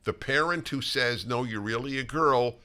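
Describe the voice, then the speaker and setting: An older man hosting a political talk show conversation, emphatic and halting, with frequent restarts. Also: mid-range voice, pushed and bright. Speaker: host.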